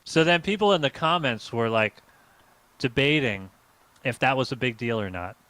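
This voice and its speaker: Bright, dry-voiced comedian. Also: male voice, medium pitch, animated, moderate pace, no room sound. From United States. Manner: rambling, hesitant storytelling with many fillers. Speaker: comedian co-hosting a live-stream show. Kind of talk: casual comedic chat.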